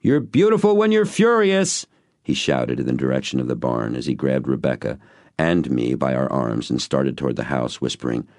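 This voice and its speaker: A man's voice: a bass voice, a little mellow, no room sound, studio quality. A man narrating an audiobook in an earnest storytelling manner. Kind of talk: scripted narration.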